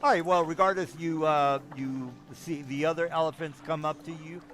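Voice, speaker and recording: Running a tabletop game as game master, a man narrates hesitantly, stalling with fillers and restarting sentences often. His voice is on the high side and fairly bright, with fairly even intonation at normal speed, and faint music plays behind him.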